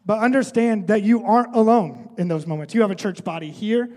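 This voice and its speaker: Pastor guy, pretty high voice, chatty sermon, lots of "right?", big echoey church hall. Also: brisk, a little mellow. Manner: conversational, often adds "right?".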